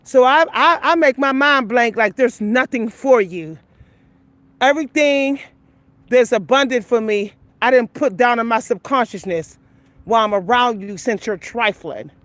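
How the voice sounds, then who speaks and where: Woman walking n talking to her viewers, punchy and animated, laughs a lot, dry close sound. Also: fairly high pitch, normal speed, no echo. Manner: emphatic and animated, laughs often, addresses viewers as y'all. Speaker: vlogger giving life advice. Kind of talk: casual walking vlog monologue. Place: outdoors on a walk.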